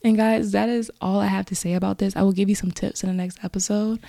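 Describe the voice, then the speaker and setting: A woman's voice: medium pitch, little pitch movement, fast, creaky, hardly any pauses, dark tone, dry recording. A woman hosting a podcast in a casual, encouraging motivational talk, earnest and prone to rambling asides. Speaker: podcast host.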